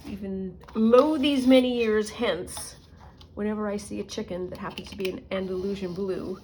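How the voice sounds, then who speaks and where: A woman's voice: medium pitch, steady tone, normal speed, darkish tone, a little hiss or hum. Middle-aged woman chatting while crafting. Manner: rambling storyteller, muttering to herself while working. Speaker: junk journal crafter. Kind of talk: casual crafting vlog chat.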